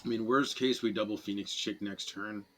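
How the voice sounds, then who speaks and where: A man streaming a digital card game, giving casual, self-deprecating commentary as he thinks his plays through out loud. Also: fairly low pitch, fairly even intonation, moderate pace, a little hiss or hum.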